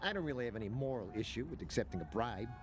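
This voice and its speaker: Guy doing a nervous informant, quick and hesitant, lots of uhs. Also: mid-range voice, animated, over music, close to an everyday voice. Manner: hesitant, hushed, full of uhs. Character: nervous, bribable male informant. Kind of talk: video game voice acting.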